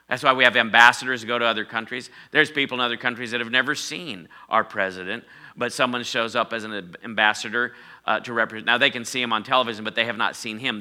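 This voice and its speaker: A middle-aged male pastor preaching a sermon, calling on the congregation to repeat words and swinging between loud declarations and hushed phrases. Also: medium pitch. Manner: preaching with call-and-response prompts, swinging from loud to quiet.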